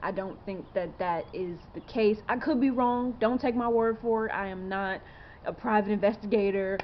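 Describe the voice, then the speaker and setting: A woman in her twenties talks to her camera in a loose, earnest ramble, stacking up rhetorical questions between fillers. Her voice sits at an ordinary middle pitch for a woman. The recording is slightly dull and lo-fi, with a faint hiss underneath. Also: moderate pace. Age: 20s. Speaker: vlogger. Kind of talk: casual to-camera monologue.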